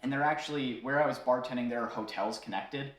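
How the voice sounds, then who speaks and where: A man recounting a story from behind the bar in an easy, chatty way, full of fillers and quick laughs. His voice sits at an ordinary middle pitch. The sound carries a roomy echo. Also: fairly bright tone. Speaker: bartender telling a story to viewers. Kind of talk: casual storytelling.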